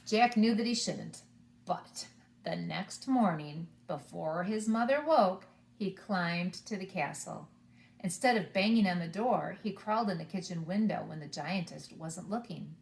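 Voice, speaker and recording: A woman preschool teacher reading a storybook to children, animated and inviting them to join in. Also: lowish voice, measured pace, vocal fry, roomy sound. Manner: animated, asks the children along.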